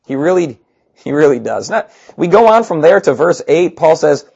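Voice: medium pitch, big pitch swings, moderate pace, gravelly, a little mellow, breathy edge, dull audio. A pastor preaching a conversational sermon with sarcastic asides.

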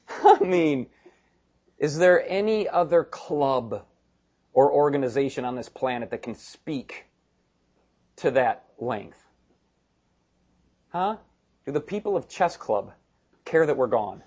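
A male pastor preaching a sermon in an animated, emphatic way, with joking asides. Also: medium pitch, slow pace, long pauses, breathy edge, highs cut off.

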